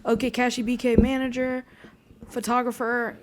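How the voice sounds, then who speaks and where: Higher-voiced playful woman. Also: flat delivery, normal speed. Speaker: studio manager and co-host. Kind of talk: casual chat. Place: recording studio.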